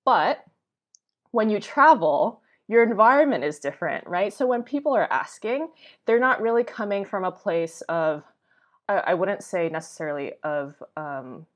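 A young woman, a travel blogger, chatting casually as a podcast guest, full of fillers and quick to laugh. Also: mid-range voice, animated. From United States. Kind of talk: casual conversation.

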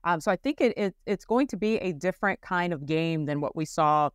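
A woman co-hosts a sports podcast in casual, animated chat. She laughs often and leans on fillers. Her voice is smooth and a little low, in a dry, close recording. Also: a little fast, dry recording. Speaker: podcast co-host. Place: traveling abroad.

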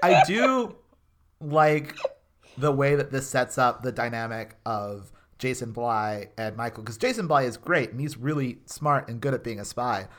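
A podcast co-host giving playful, animated commentary and quick jokes in casual chat. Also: medium pitch.

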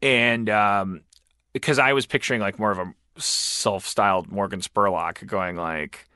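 A man co-hosting a casual podcast chat, excitable and profane, often stammering and restarting his sentences. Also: fairly low pitch, a little slow, clear, resonant tone, no echo, studio quality. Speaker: podcast co-host.

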